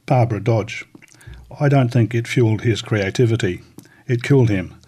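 A man reading recollections aloud in a measured, scripted audiobook narration. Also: mid-range voice, mellow, slightly rough.

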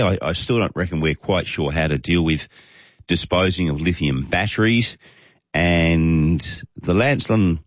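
Very deep-voiced Australian radio host. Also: male voice, no echo, muffled recording. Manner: chatty, reads listener texts with chuckles. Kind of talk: casual talkback radio.

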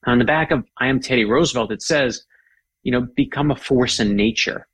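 A man's voice: medium pitch, fairly quick, husky, no room sound. A middle-aged man, a guest author, chatting with enthusiasm and telling stories. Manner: enthusiastic, animated storyteller. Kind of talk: casual chat.

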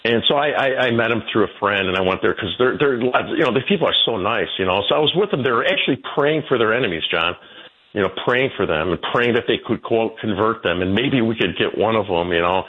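A man in his sixties, a guest telling stories in a rambling way, his pitch jumping about as he goes. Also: expressive, fast talker, husky. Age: 60s. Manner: rambling storyteller, jumping pitch, laughs between. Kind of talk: casual interview talk. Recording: tinny phone line.

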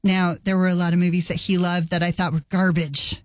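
A woman's voice: on the low side, flat delivery, brisk. A woman radio host talking casually between songs, with wry personal asides.

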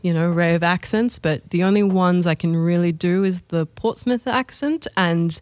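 A woman's voice: lowish voice, normal speed, darkish tone, no echo. Young adult woman, light giggly guest-interview chat, dry close recording. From Australia. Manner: giggly, laughs between phrases. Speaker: singer guest.

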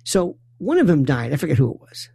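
A man spins a rambling comic monologue in a gravelly, husky voice, his pitch leaping up and down as he talks. He stumbles and restarts words in bursts. The recording is dry and close. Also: a little fast, no room sound. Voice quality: animated, acts out quoted voices with big pitch jumps. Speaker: storyteller.

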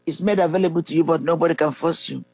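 A preacher reading scripture and leading a listener through a prayer of salvation, pausing often with fillers and clearing the throat. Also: mid-range voice, fairly even intonation, darkish tone, dry recording, poor audio. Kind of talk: slow devotional teaching and guided prayer.

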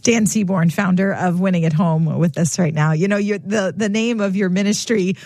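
A woman's voice: on the low side, normal speed, a little mellow, a little hiss or hum. A woman hosting a radio talk show, asking her guest questions in a conversational way. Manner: conversational, searching for words. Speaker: radio host.

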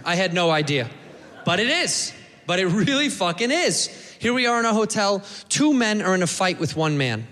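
A man hosting a comedy show, telling an animated, profane story on stage and acting out the dialogue. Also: on the high side, in a large hall.

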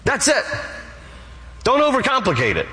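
A man's voice: very high-pitched, huge pitch swings, normal speed, bright, forceful tone. A man preaching a sermon as pastor, emphatic and repeating short phrases for stress. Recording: long hall reverb.

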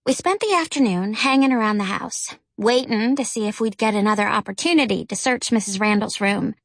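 A woman narrating a children's novel as an audiobook, with a gentle storytelling manner. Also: fairly quick, creaky, no room sound. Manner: gentle storytelling, lifts pitch for characters' lines. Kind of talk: scripted narration.

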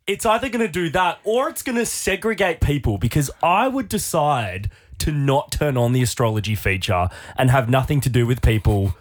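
A man hosting a radio show, presenting in a lively, upbeat way. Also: medium pitch, moderate pace, few pauses. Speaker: radio host. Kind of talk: casual radio banter.

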